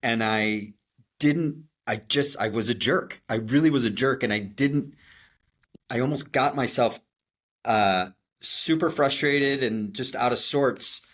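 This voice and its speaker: A middle-aged man from Chicago, accent and all, tells conversational stories as a podcast co-host in a mid-range voice at a measured pace. He's animated and pokes fun at himself, restarting often.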